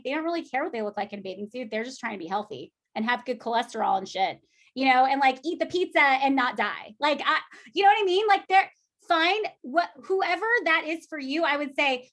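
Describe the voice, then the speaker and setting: A woman in her forties coaching her team on a call, talking in a chatty, animated way with many restarts and quoted asides. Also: sits high. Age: 40s. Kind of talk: casual motivational team call.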